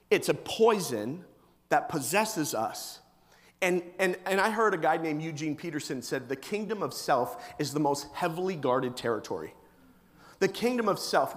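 A man in his thirties preaching a sermon, telling a family story with acted-out voices and sudden shouts. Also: on the high side. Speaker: pastor. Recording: long reverb of a large hall.

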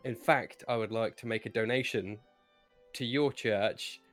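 A man's voice: fairly low pitch, unhurried, fairly bright tone, soft background music. A man voicing a pompous male scholar who poses as a warrior, speaking in a puffed-up, formal, theatrical way. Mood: grandiose.

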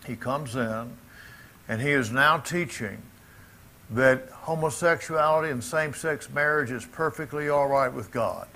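A man's voice: medium pitch, measured pace, gravelly, bright, forceful tone. A middle-aged man from Mississippi with a Southern accent, preaching a sermon to a congregation in an emphatic, folksy way with asides to the crowd. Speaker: pastor. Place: church congregation.

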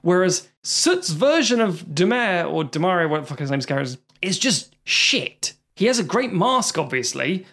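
A man from Britain co-hosting a casual film review podcast, swearing freely and briefly acting out characters in quick asides. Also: sits high, very animated, fairly bright tone. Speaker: podcast co-host.

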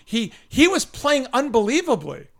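A middle-aged man hosting a casual sports podcast, telling a heated story in a profane, animated way. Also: very high voice, moderate pace, vocal fry. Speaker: podcast host.

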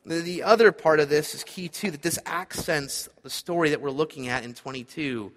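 High, bright-voiced male preacher. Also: moderate pace, hardly any pauses, big-room sound. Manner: earnest, emphatic preaching with repeated points. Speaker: pastor. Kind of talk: sermon.

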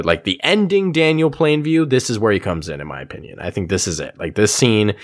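Man, podcast co-host, casual film chat, profane, slightly low voice. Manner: animated, swears often, many fillers.

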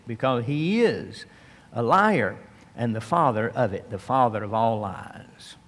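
A man preaching from the Bible, reading verses slowly and then explaining them in plain speech. He rises for emphasis and drops low and soft. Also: in a large hall. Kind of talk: expository Bible teaching.

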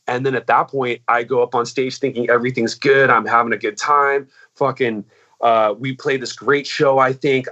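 A musician talking in a casual, rambling way, swearing a lot and saying "like" and "dude" all the time. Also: male voice, mid-range voice, pushed and bright, muffled recording. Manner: rambling and profane, full of "like" and "dude". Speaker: musician in a band. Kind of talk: casual chat.

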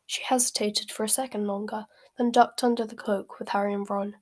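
A woman's voice: medium pitch, flat delivery, brisk. A woman reading a novel aloud who stumbles over words and corrects herself. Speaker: reader.

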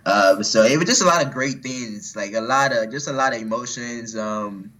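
A man's voice: medium pitch, normal speed, a bit bright, rough recording. A man speaking as a guest athlete in a casual interview, rambling with many fillers and restarts. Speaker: powerlifter guest.

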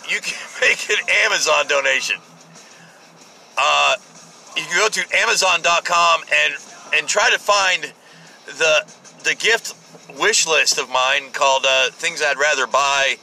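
A man's voice: mid-range voice, bright, forceful tone, rough recording. A man hosting his own podcast in rambling, profane, joking talk, recorded partly in his car at a drive-thru. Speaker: podcast host. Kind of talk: rambling solo podcast chat.

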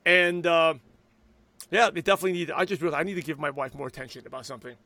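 A man in his thirties hosting an interview, eager and reflective, quick to agree. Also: a little high, fairly even intonation, sharp tone, no room sound. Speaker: podcast host. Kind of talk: casual interview talk.

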